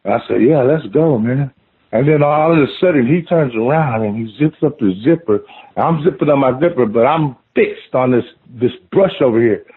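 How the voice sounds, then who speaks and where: A man casually telling a scary story of his own, animated and swearing, saying "man" at every turn. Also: mid-range voice, moderate pace. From Oklahoma. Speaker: guest telling an encounter story. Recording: phone-line call audio.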